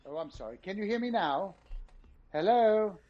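A man voicing a brisk, self-important male official who talks in a hurry and trips over his words. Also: high voice, highs cut off, pitched below the performer's own voice. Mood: officious.

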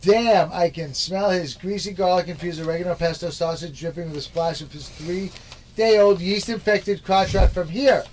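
A man's voice: high-pitched, fairly even intonation, moderate pace, a little mellow, slight background noise. A jokey man co-hosting a comedy podcast, doing mock ad reads. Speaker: podcast co-host.

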